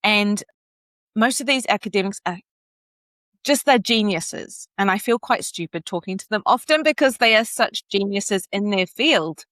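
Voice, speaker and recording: Expressive woman vocal coach. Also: mid-range voice, no room sound. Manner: expressive, demonstrates vocal inflection. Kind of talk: podcast interview.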